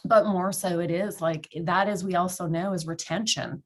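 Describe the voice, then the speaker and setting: A woman's voice: lowish voice, fairly even intonation. Earnest woman speaking on a business panel. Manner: earnest, measured, frequent fillers. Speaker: panelist, direct sales executive. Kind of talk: panel discussion.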